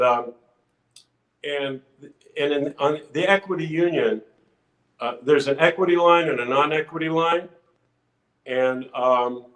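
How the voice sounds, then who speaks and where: An older man, a podcast guest, tells a long anecdote in casual storytelling fashion, restarting his sentences and acting out the people in it with animated quotes. His voice is a little high for a man, and the room has a noticeable echo.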